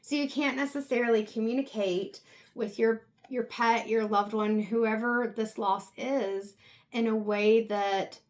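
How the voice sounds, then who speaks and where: A woman giving an intuitive tarot reading, talking softly and reflectively with pauses, at times close to tears. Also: a little high, steady tone. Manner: soft, reflective, halting with pauses. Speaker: tarot reader.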